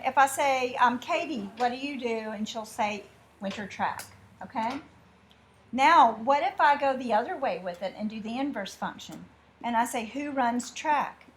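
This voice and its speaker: A woman's voice: fairly high pitch, slight background noise. Chatty teacher woman with a lilt. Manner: chatty, with drawn-out asides and mimicked dialogue. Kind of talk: classroom lesson. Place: classroom.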